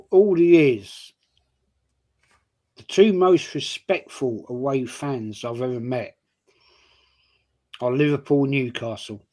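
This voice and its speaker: A man's voice: medium pitch, darkish tone, poor audio. A man telling away-trip stories in casual fan chat, rambling and often restarting his sentences. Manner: rambling, restarts a lot, full of "um".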